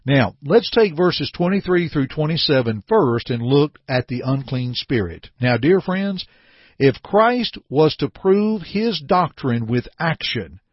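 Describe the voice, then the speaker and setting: Husky guy preaching, real animated, lots of up and down, dull dry lo-fi sound. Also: fairly high pitch, unhurried, dry recording. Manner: earnest, emphatic, addresses the listeners as dear friends. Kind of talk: sermon with scripture reading.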